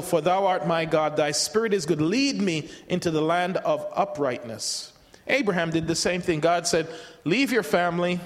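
A preacher with a notably high voice delivers a sermon conversationally, slipping into the voices of people he quotes. He often restarts and repeats words, and a long reverb rings out as if in a large church hall.

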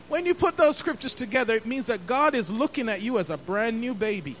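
A man's voice: extremely high pitch, expressive, brisk, a bit bright, slight background noise. A middle-aged man preaching a sermon as pastor, emphatic and repeating key phrases for stress.

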